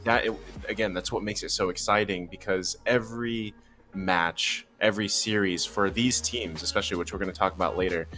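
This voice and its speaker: A man's voice: low-pitched, fairly even intonation, fairly quick, sharp tone, soft background music. A man, an esports caster, talking in an upbeat, rambling way on a recap panel. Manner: upbeat, rambling, many fillers. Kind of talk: casual panel chat.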